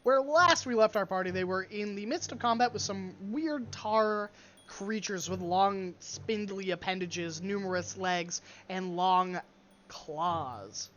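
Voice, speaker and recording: A woman's voice: medium pitch, takes it slowly, a bit bright, slight background noise. A woman running a tabletop game as game master, narrating the scene and teasing her players with frequent laughter. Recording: dull lo-fi stream audio.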